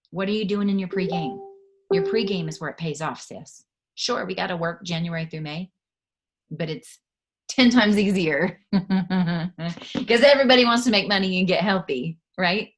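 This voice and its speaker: A woman guest talking excitedly in a casual interview, laughing often. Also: lowish voice, normal speed, pauses often, slight background noise.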